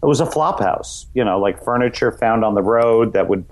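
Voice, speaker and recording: A middle-aged man from New York's Westchester County, a comedian guest talking in a loose, rambling way, full of "you know" fillers. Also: normal speed. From Westchester County, New York. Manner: acts out voices in high shouts. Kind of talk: casual interview chat.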